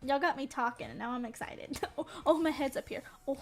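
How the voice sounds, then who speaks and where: A woman's voice: high-pitched, brisk, hardly any pauses, faint music behind. A young woman streamer chatting casually, rambling and giggling between her sentences. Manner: giggly, rambling, laughs often. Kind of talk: casual live-stream chat.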